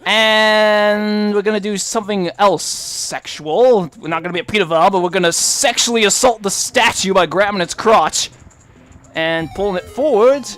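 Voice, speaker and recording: A man's voice: high voice, moderate pace, a bit bright. A man hosting a let's play, giving joking, chatty commentary over his gameplay.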